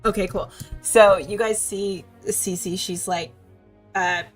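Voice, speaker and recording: A woman playing a tabletop role-playing game, narrating her character's dramatic scene with expressive build-up. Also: mid-range voice, slow pace, soft background music. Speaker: player.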